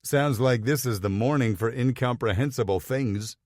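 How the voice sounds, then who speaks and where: Man doing a gruff jealous guy, teasing, mid pitch, dry recording. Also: moderate pace, a little mellow, dry recording, natural voice. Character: jealous, playful grown man, partner and father.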